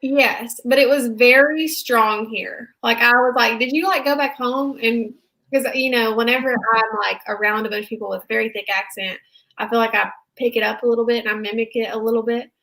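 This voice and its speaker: A young woman chatting excitedly as a co-host, her voice bright and a little high. She talks in an animated, chatty way, jumping between thoughts. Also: fairly quick, vocal fry, rough recording. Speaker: podcast co-host. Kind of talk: casual recap chat.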